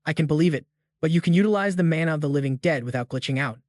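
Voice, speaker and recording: A man's voice: a little high, rapid-fire, darkish tone, dry recording, clean studio sound, natural voice. Dullahan, a man reading a haughty headless knight. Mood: taunting. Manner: taunting, haughty. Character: arrogant undead headless knight boss, male.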